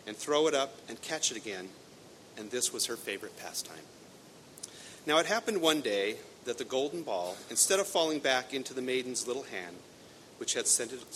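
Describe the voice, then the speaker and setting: A male pastor preaching a sermon, reading a fairy tale aloud with expressive narration. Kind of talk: sermon with storytelling. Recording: echoey hall, faint rumble.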